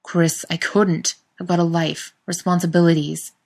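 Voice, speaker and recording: A woman's voice: fairly low pitch, flat delivery, normal speed, creaky, a little mellow. A woman voicing a guarded male singer who answers curtly and defensively in a read-aloud story. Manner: curt, defensive.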